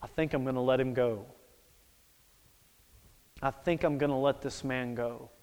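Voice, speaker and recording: A man voicing a lenient male judge who muses quietly and sounds pleased with himself. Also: medium pitch, steady tone, measured pace, clean tone, pitched below the performer's own voice, close to an everyday voice. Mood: smug musing. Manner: quiet, self-satisfied, musing. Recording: echoey hall.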